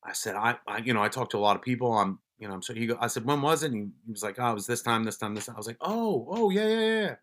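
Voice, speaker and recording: A man with a bright, forward voice tells stories in a casual, offhand way. He is blunt and swears freely, often breaking off and restarting sentences mid-thought. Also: fairly low pitch, steady tone, very fast, hardly any pauses. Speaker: podcast guest, police officer and wellness advocate. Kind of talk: casual storytelling.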